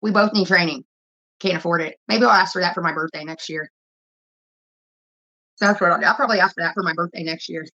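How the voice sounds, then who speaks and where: With a lowish, sharp voice, she talks fast but leaves long pauses. She's a vlogger delivering a blunt, profane, rambling rant to camera, captured in dull lo-fi phone audio.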